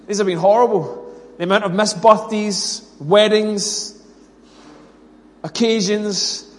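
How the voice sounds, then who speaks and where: British preacher man, high voice, reverberant hall. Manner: earnest, self-deprecating storyteller who acts out dialogue. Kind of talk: sermon with scripture reading, prayer and personal story.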